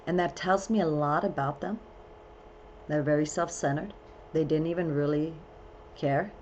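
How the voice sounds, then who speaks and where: A chatty woman astrologer with a fairly low voice talks through her program in loose, rambling phrases and often breaks into excited whoops. Faint ambient noise sits behind her voice. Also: moderate pace, dull audio. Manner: talks in loose run-on phrases with many fillers. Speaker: astrologer hosting a full moon program. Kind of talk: casual spoken forecast.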